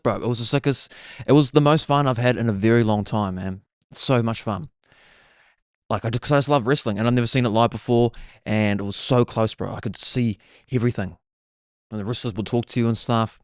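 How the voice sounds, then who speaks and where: Young Kiwi host with a low voice, excitable, casual storyteller, dry close sound. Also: male voice, brisk, no echo. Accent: New Zealand. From New Zealand. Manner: excitable, says "bro" constantly. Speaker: podcast host.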